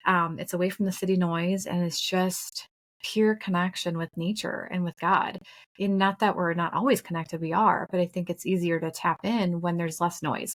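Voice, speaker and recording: Earnest chatty woman in her thirties. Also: lowish voice. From Minnesota. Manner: earnest, chatty, with playful asides. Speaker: podcast co-host. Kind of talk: personal spiritual storytelling.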